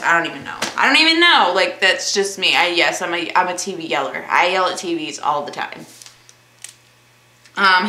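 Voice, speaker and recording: A woman's voice: lowish voice, sharp tone, reverberant. Awkward, rambling young woman vlogger. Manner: self-described awkward, rambling, laughs easily. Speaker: vlogger answering viewer questions. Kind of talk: casual Q&A vlog.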